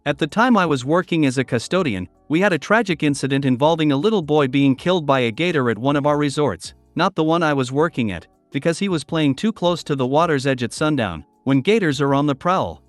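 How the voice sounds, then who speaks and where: A man narrating online stories in a steady, even reading style. His voice sits slightly high, recorded dry and close, with faint music under it. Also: a little fast, hardly any pauses, no room sound.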